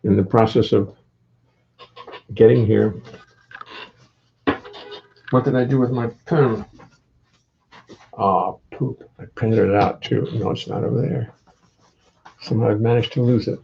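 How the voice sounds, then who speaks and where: Gravelly older man, rambling wry chat. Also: lowish voice, steady tone, measured pace, pauses often, dark tone, highs cut off, slight background noise. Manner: rambling, wry, greets viewers by name. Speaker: musician hosting a home livestream. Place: his home.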